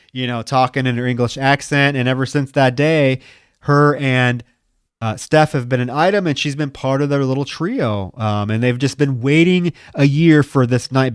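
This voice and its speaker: A man's voice: mid-range voice, smooth, dry recording, studio quality. A man co-hosting a podcast, casually recapping a horror movie plot with loose, profane chatter. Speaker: podcast co-host. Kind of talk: casual film discussion.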